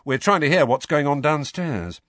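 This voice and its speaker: Man doing a bright, teasing young wizard twin, quick and lively. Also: fairly high pitch, no echo, studio quality, voice pushed up. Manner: teasing, grinning.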